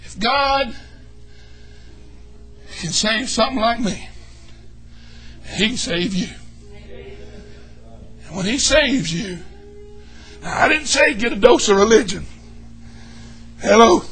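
A man preaching a fervent, folksy sermon in a church, shouting and whooping as he jokes with the congregation. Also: very high voice, expressive, slow pace, long pauses, faint music behind. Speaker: pastor.

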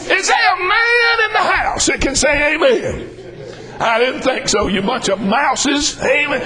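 A man's voice: extremely high pitch, low-quality recording. An older man preaching a humorous sermon, folksy and drawling, calling out lines for emphasis.

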